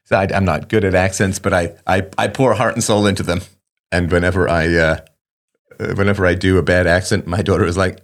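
A man's voice: sits low, fairly even intonation, brisk. A middle-aged man hosting a show, talking casually to listeners in a rambling, wry way with self-mocking asides. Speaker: show host.

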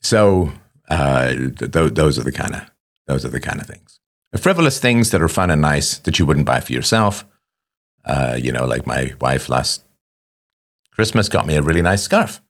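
Very deep-voiced man, wry rambling host. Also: lively intonation, normal speed. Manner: rambling and wry, with self-mocking asides. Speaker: show host. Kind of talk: casual monologue to listeners.

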